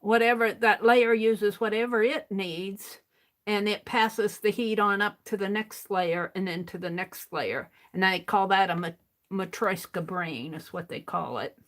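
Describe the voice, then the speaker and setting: An older woman hosting an art livestream, chatting casually to herself as she works and counting items out loud. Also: medium pitch. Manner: unhurried, talks to herself while working, counts items aloud. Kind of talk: casual crafting livestream chat.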